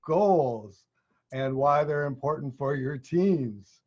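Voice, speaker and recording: An American man co-hosts a casual business chat with a husky voice. He drives his points home by repeating them. The recording sounds dull and lo-fi. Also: mid-range voice, animated, slow, a little mellow. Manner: emphatic, repeats points for stress. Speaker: co-host.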